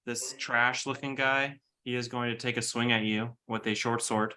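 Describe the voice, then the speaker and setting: Bright, mid-pitched man, game master, brisk matter-of-fact rulings. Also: steady tone. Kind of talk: running a tabletop game.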